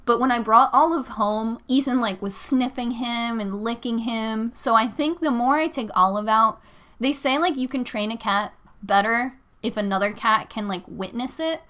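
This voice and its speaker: A young woman chats through a casual crafting livestream, wandering from story to story with plenty of filler words. Her voice is bright and a bit higher than most. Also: normal speed. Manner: chatty, rambling, frequent "like" fillers. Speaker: livestreaming vlogger.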